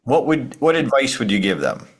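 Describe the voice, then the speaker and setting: A man's voice: medium pitch, very animated, moderate pace, husky. A man co-hosting a casual podcast, asking a guest questions and adding practical tips in a friendly way. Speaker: podcast co-host.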